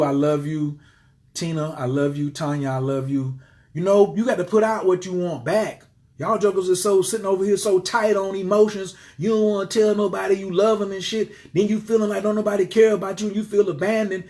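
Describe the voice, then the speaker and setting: A man talking casually on a livestream to his viewers, animated and preachy, swearing freely and swinging between loud outbursts and quiet murmurs. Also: high voice, brisk. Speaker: livestream host. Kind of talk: casual live-stream talk to viewers.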